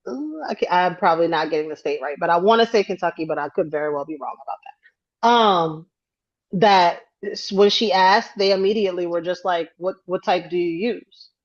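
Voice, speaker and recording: A woman co-hosting a casual podcast chat, telling a story with lively acted-out quotes and frequent hedging. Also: fairly low pitch, brisk, lo-fi sound. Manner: animated storyteller acting out quotes, hedges often. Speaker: podcast co-host.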